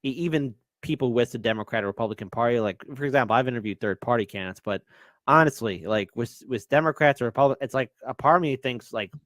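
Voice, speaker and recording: A man with a medium-pitched voice, co-hosting a political discussion. He speaks in a measured way with sarcastic asides, and the recording is close and dry. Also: a bit bright, no echo. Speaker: political show co-host.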